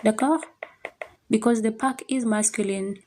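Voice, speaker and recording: A woman teaching French at a board, patiently repeating words slowly for learners. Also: a little high, warm tone, a little hiss or hum. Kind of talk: slow classroom explanation at a board.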